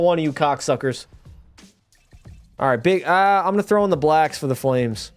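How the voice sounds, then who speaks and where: Excitable profane male game streamer. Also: a little high, a little fast, long pauses, soft background music. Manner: profane, excitable, talks to chat. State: tipsy. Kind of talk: live gameplay commentary.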